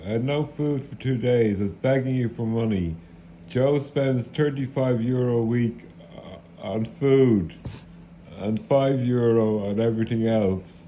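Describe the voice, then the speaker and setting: A man's voice: medium pitch, warm tone. A middle-aged Irish man in an angry, rambling rant, repeating curses and bitter swearing. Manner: bitter, profane, repetitive cursing. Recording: dull lo-fi with faint hiss.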